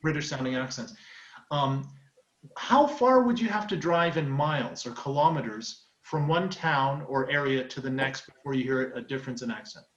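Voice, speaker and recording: A man's voice: medium pitch, animated, moderate pace. A man co-hosting a casual video call chat, curious and asking short questions. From Germany. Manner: curious, asks short questions, repeats himself. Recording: roomy, dull lo-fi sound.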